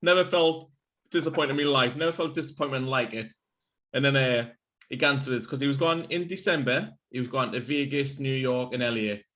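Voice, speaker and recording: A man's voice: medium pitch, brisk, fairly bright tone. A man co-hosting a casual podcast over beers, telling rambling stories full of "like" fillers and swearing. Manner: rambling storyteller, swears freely, many "like" fillers. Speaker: podcast co-host.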